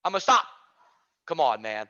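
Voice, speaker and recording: A man hosting an online teaching community, giving an energetic, preachy talk on a video call and repeating phrases for emphasis. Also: a little high, moderate pace. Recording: dull lo-fi video call audio.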